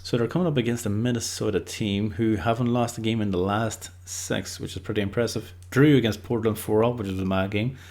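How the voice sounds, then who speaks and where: A man's voice: lowish voice, fairly even intonation, brisk, hardly any pauses, a little mellow. A man giving casual, unscripted football predictions, rambling loosely and leaning on lots of filler words. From Ireland.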